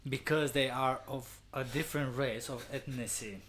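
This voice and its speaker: A man co-hosting a live show, reading a dictionary definition aloud in a plain, even way. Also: medium pitch, normal speed, a little hiss or hum.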